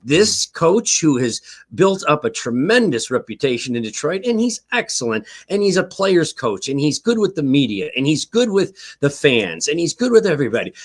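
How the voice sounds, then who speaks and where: An older man giving heated, emphatic football commentary on a streamed talk show, repeating his points and tagging lines with "okay?". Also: fairly high pitch. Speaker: guest analyst, former team staff. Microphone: online stream call.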